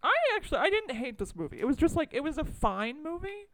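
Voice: high-pitched, big pitch swings, fast talker, sharp tone, no room sound. A podcast co-host in casual movie-review chat who rambles, runs themselves down and swears freely.

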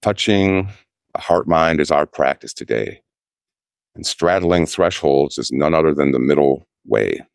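Zen priest dude giving a dharma talk, super low voice, slow and measured. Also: male voice, expressive, gravelly, dry recording, studio quality. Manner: slow, measured storytelling with pauses.

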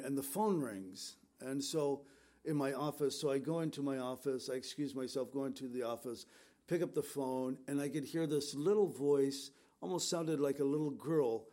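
A man's voice: medium pitch, a little mellow. A middle-aged man pastor speaking to his congregation in a conversational, storytelling way, with fillers and restarts. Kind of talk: sermon.

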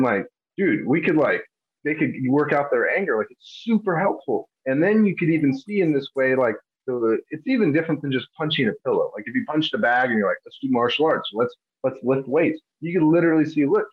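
A man's voice: a little high, slightly rough. A man hosting a casual interview, talking animatedly and thinking aloud with fillers. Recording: dull lo-fi audio.

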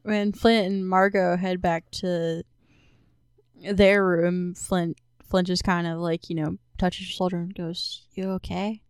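A woman's voice: fairly low pitch, little pitch movement, slow, clean tone, no echo, studio quality. Hesitant female tabletop player. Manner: hesitant, searching for words. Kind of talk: tabletop role-play in character.

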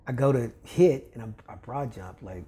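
With a mid-range voice at normal speed, an older Kentucky man who coaches volleyball tells a story as a podcast guest. The conversation is casual, and he brings it to life by mimicking the people involved and laughing frequently.

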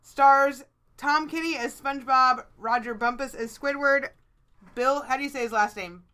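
A woman co-hosting a relaxed chat show, talking loosely and swearing without a second thought. Her voice sits a little high and sounds bright and clear. She laughs easily between points. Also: moderate pace. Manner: chatty, swears freely, laughs often. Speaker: podcast co-host. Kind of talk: casual chat.

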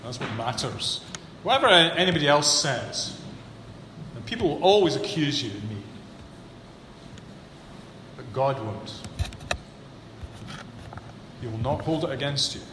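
A man preaching a sermon, building to emphatic peaks and then dropping low and earnest. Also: expressive, unhurried, long pauses. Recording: echoey hall with long reverb, faint room hum.

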